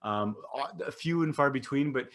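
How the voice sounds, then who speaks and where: A man's voice: mid-range voice, moderate pace, a bit bright. A man hosting a solo podcast, upbeat and chatty, often repeating his greetings and phrases. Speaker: podcast host.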